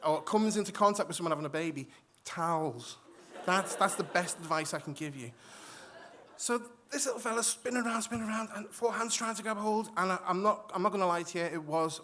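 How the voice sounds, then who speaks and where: A man telling a story on stage to a live audience, animated, acting out voices and often restarting his sentences. He has moved to Australia from elsewhere. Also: high-pitched, slight background noise. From migrated to Australia. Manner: animated, acts out quoted voices, frequent restarts. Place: stage in a hall before an audience.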